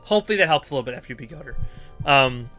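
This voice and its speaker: Bright-voiced rambling male streamer. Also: medium pitch, lively intonation, rapid-fire, soft background music. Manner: rambling and filler-heavy, thinking aloud. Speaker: streamer giving character-writing advice. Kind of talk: casual live-stream chat.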